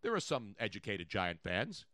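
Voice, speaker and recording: A man's voice: moderate pace, no room sound. This is a man hosting a sports talk show, and he talks with a lot of swing in his voice. He repeats his points to hammer them home. He is recorded close and dry, with no room sound. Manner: excitable, repeats points, jumps in pitch and volume. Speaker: sports radio host.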